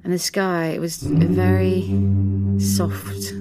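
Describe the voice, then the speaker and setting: A dreamy ex-hostage over music. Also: female voice, lowish voice, sing-song. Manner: slow, dreamy recollection. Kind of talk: audio drama monologue. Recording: loud music under the voice.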